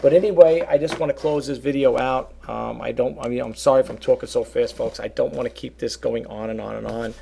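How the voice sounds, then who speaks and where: A man talking casually to his viewers about reselling, rambling and animated, often calling them folks. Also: mid-range voice, brisk, creaky, hardly any pauses, slightly rough. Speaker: reseller vlogger. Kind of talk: casual talk to camera.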